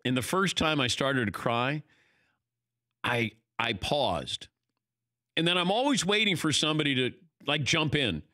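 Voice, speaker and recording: An older man hosts a casual talk show, his pitch swinging up and down as he tells stories. His voice is bright and forward, close and dry with no room sound. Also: a little slow, no echo. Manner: animated storytelling, acting out quoted lines. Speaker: host. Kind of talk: casual chat.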